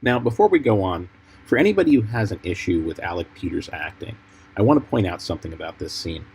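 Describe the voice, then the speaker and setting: A man, a film editor, giving measured, explanatory commentary over clips from a fan film. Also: deep voice, lively intonation, darkish tone, slight background noise, low-quality recording.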